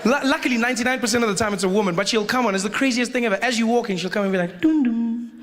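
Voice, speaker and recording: A South African man doing stand-up comedy, telling animated stories and playing with accents. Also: sits high, racing. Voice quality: animated storyteller, plays with accents. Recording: live club set with audience noise.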